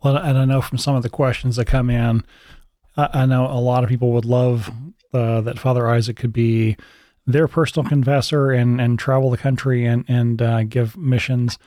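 A male podcast host speaks earnestly in a mellow, darker tone. The sound is dry and close. He hesitates now and then with small fillers. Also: medium pitch, level tone, normal speed, no room sound. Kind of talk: casual chat.

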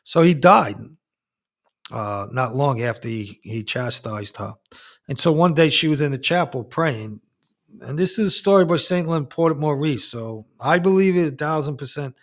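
Emphatic, animated male priest. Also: fairly high pitch, moderate pace. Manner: animated, emphatic, with frequent restarts. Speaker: Catholic priest, guest. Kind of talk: preaching talk with storytelling.

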